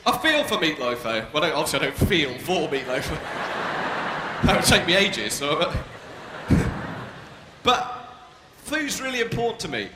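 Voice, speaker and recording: A man's voice: fairly high pitch, sing-song, moderate pace, pauses often. A young British man doing live stand-up comedy, cheeky and provocative as he banters with the crowd. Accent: British English. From Britain. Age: young adult. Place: large arena stage with a live audience. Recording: echoey arena with long reverb and crowd noise.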